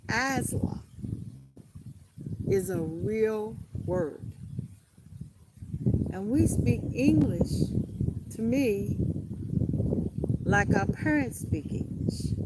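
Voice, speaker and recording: A woman, rambling slowly and repeating herself as she talks to her live stream from a beach. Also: on the high side. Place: outdoors at a beach. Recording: loud outdoor noise behind phone mic.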